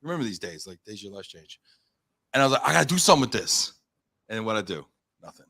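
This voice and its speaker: A man in his thirties from the United States, telling a story as a podcast guest, animated and full of fillers, acting out his own quotes. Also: fairly low pitch, quick pace, vocal fry. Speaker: podcast guest, company founder. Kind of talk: casual storytelling in an interview.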